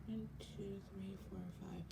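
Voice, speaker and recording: A woman's voice: medium pitch, level tone, slow pace, gravelly, warm tone, a little hiss or hum. A young woman chatting casually through a product unboxing, rambling with lots of ums and self-corrections, sounding sleepy and yawning. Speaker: vlogger.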